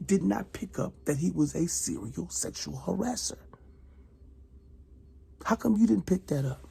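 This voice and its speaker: A retired soldier in middle age launches a heated monologue accusing one person, repeating himself as he lurches between loud outbursts and hushed asides. His voice sits high and sounds gravelly and husky.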